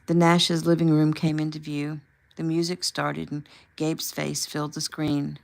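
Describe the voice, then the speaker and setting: Woman, author reading aloud, casual, low voice, gravelly, small slips, at home. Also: little pitch movement, a little slow. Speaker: author reading own book. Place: home room.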